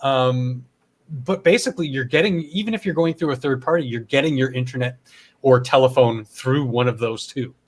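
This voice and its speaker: Man from Canada, podcast host, casual rambling chat, cursing, restarts, average pitch. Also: normal speed. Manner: rambling, swearing, frequent restarts.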